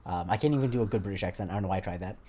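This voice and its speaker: Racing along in a low, dark voice, a young man co-hosts a podcast. His casual talk rambles with lots of fillers and restarts.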